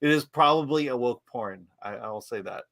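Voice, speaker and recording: A man co-hosting a live-stream film podcast, adding quick asides and dry remarks. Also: mid-range voice, vocal fry, a bit bright, no echo. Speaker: podcast co-host.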